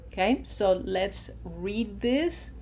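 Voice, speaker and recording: A woman's voice: mid-range voice, measured pace, darkish tone. A woman teaching a recorded language grammar lesson, explaining step by step and drawing out the model words carefully. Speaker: Spanish teacher.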